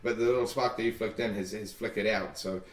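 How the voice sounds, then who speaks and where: A man running a tabletop game as game master, narrating scenes with a few halting restarts. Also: lowish voice, steady tone. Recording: roomy, distant mic.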